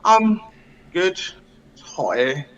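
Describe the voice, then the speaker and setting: British male guest, bright tone, slightly snuffly, cheeky casual banter. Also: high-pitched, sing-song, very slow, lo-fi sound. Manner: joking, cheeky, casual slang. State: snuffly from hay fever. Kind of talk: casual interview chat.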